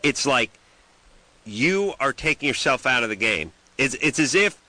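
Sarcastic radio host guy, bright tone, pitch all over the place, jokey rants. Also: big pitch swings, a little slow, no echo, poor audio. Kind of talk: late-night call-in radio banter.

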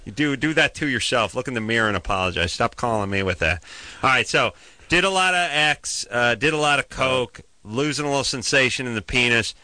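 A man's voice: medium pitch, lively intonation, brisk, sharp tone, no echo. A man hosting a call-in radio show, joking sarcastically and rambling with restarts. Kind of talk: casual radio call-in banter.

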